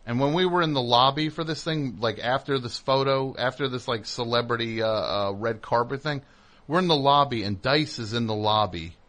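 Casual host, male, animated storyteller who acts out other voices. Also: mid-range voice, normal speed. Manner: animated storyteller, mimics people in raised voices. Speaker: comedy radio host.

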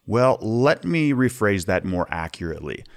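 A man's voice: lowish voice, sing-song, moderate pace. A man hosting a podcast, talking candidly as he shares personal stories and practical tips. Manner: candid, plain-spoken storyteller. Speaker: podcast host. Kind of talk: podcast monologue giving tips.

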